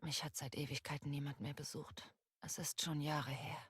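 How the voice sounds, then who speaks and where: A woman voicing Julia, a game character who quietly recounts her life story in a hushed, low-key way. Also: flat delivery, a little fast, crowd noise, close to an everyday voice.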